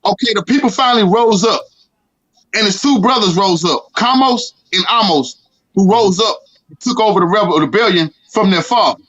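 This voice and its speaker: A man's voice: sits high, moderate pace, a bit bright, dull audio. A young man hosting a casual panel, speaking in a fiery, emphatic way and repeating his points. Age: young adult. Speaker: host.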